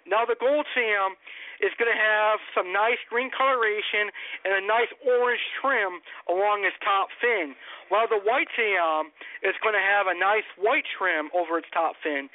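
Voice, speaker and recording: Call-in show host, male, high-pitched, eager and repetitive, dry tinny phone-line sound. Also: dry recording. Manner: enthusiastic, repetitive, plain-spoken. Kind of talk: solo radio-style monologue.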